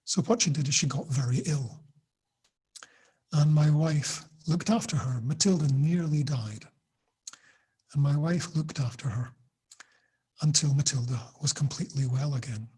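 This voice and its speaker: A man's voice: on the high side, a little slow, pauses often, warm tone, breathy edge. A middle-aged man teaching an online class, explaining and telling a personal story with examples. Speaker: teacher trainer.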